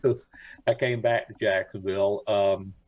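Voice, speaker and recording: A man's voice: on the low side, fairly even intonation, measured pace, low-quality recording. An older man from Florida, a radio show guest, telling stories in a rambling, folksy way with lots of fillers. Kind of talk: casual interview chat.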